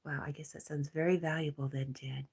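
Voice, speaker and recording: Husky low-voiced woman, stuffy and soft. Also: little pitch movement, fairly quick. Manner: soft, often half-whispered, breaks into laughs. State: stuffy nose. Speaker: livestream host. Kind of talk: casual chat reading live comments.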